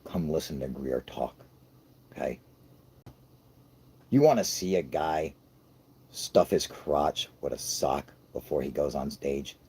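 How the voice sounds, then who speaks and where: A man's voice: rumbling low, slow pace, pauses often, warm tone, slightly rough. An American man with a scratchy voice hosting a livestream, joking around with heavy swearing and frequent laughter. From United States. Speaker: livestream host reading chat. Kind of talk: casual profane banter.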